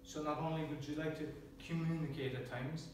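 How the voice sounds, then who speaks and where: An Irish club speaker with a slightly high, darkish voice gives a joking, self-deprecating prepared speech, talking fairly quickly with fairly even intonation and chuckling often. He's far from the mic, so his words echo heavily around the room over a faint hiss.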